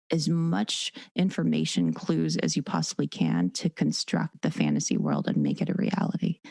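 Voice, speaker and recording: A woman dominatrix and educator talking casually as a podcast guest, animated, acting out quoted lines. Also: sits low, gravelly, dry recording. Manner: animated, acts out quoted voices.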